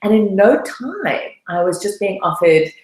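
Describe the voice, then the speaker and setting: A woman's voice: mid-range voice, lively intonation, unhurried, a little mellow, echoey room, rough recording. A woman coach giving a webinar talk, telling her own story in an earnest, personal way. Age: adult, past her late twenties. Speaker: debt-freedom coach.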